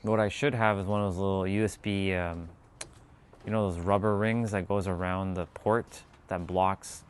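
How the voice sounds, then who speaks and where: A man with a lowish voice chats loosely and reads viewer comments aloud, filling his talk with "like" and "you know". He laughs easily as he goes. Faint outdoor ambience with birdsong sits behind him. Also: steady tone, normal speed, a little hiss or hum. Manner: rambling, filler-heavy, laughs easily. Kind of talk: casual chat, reading viewer comments.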